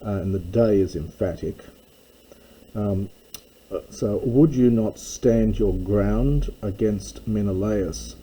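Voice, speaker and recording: Male tutor, slow careful delivery, ums throughout, low voice, faint hiss. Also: dark tone, low-quality recording. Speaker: Greek tutor. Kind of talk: line-by-line lecture.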